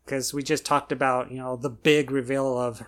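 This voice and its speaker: Easygoing podcast co-host, mid-pitched. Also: moderate pace, smooth. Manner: relaxed, agreeable, frequent affirmations. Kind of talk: casual chat.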